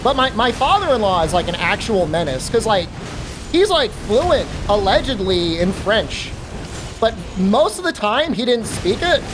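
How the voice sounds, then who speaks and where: This woman streamer has a medium-pitched voice and a measured pace, with a noisy background behind her. She's gaming and chatting casually, spinning an animated story full of fillers and cursing freely.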